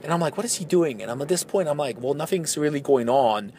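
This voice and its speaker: A man's voice: a little high, fast talker, a little hiss or hum. A man in his thirties hosting a podcast, telling a casual rambling story with lots of fillers and restarts. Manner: rambling, many fillers and restarts, animated when excited. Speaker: podcast host.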